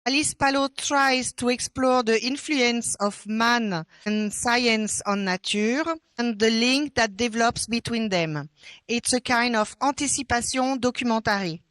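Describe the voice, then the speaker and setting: A woman's voice: fairly high pitch, slow, fairly bright tone, clear, resonant tone, no room sound. A woman with a French accent presenting a photo exhibition, hesitant and full of restarts. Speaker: exhibition curator. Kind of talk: exhibition guide talk.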